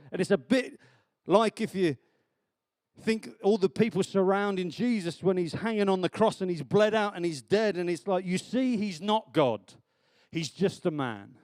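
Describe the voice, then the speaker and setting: A man preaching a sermon in church, chatty and animated, laughing often. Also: high-pitched, no echo.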